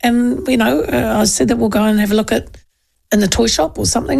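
A woman's voice: a little high, fast, vocal fry, a little mellow, husky. A middle-aged woman with a New Zealand accent hosting a talk radio show, chatting and telling stories in a loose, laughing way. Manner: chatty, laughing, acts out quoted voices. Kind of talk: casual chat and storytelling.

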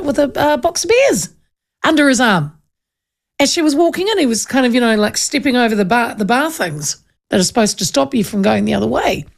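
Chatty New Zealand woman with a gravelly edge. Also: mid-range voice. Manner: chatty, animated storyteller with asides. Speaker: radio talk show host. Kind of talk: casual talk radio chat, reading listener texts.

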